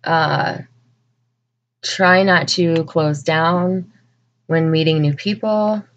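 A woman tarot reader delivering a channeled spiritual message to viewers, talking in an earnest, emotional way with many pauses. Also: deep voice, fairly even intonation. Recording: dull lo-fi recording.

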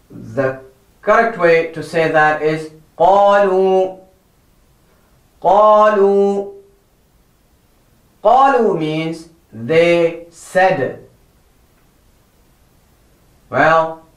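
A man with a fairly high, fairly bright voice slowly and carefully teaches children to recite the Quran, patiently repeating each word and showing the incorrect ways to pronounce it. Noticeable room echo colors the sound.

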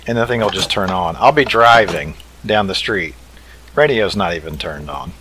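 Deep-voiced man casually narrating gameplay. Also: moderate pace, pushed and bright, slight background noise, poor audio. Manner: easygoing, thinks aloud while building. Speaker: let's play host. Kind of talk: casual game commentary.

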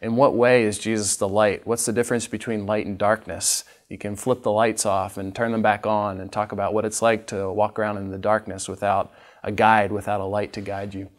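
Low-voiced man giving a patient lesson. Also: flat delivery, a little fast. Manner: patient, demonstrating step by step. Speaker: literacy trainer. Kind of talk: instructional training talk.

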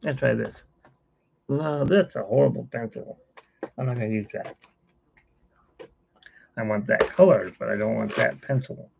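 A man's voice: medium pitch, unhurried, vocal fry, long pauses, lo-fi sound, slight background noise. A middle-aged man hosting a casual live stream from home, rambling and chuckling as he talks to viewers while he sketches. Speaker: host.

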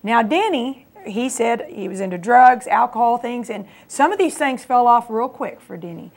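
A woman's voice: a little high, lively intonation, moderate pace, a little mellow. A woman co-hosting a Christian TV program, encouraging her husband to tell his testimony. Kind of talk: faith testimony chat. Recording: local cable TV studio.

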